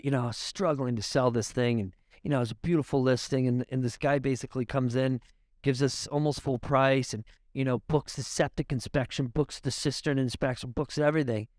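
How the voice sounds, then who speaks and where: A man from Canada telling stories as a guest in a podcast interview, animated and swearing often, with laughs. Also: medium pitch, dry recording, studio quality. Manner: animated, profane, laughing storyteller. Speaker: realtor guest. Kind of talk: casual podcast storytelling. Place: podcast studio.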